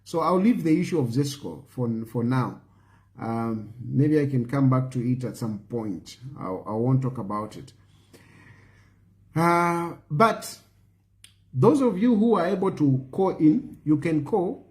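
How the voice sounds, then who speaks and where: A man's voice: mid-range voice, animated, a little slow. A man with a Zambian accent delivering an impassioned political monologue as a show host, pleading and emphatic, repeating his phrases and slipping in Bemba words. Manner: mixes Bemba phrases into English.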